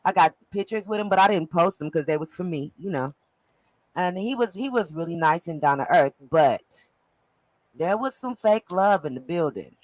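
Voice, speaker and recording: Woman, casual gossip, lively storyteller, dry close sound. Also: fairly low pitch, moderate pace, dry recording, poor audio. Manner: animated storyteller, laughs often, acts out quotes. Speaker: co-host recapping an event.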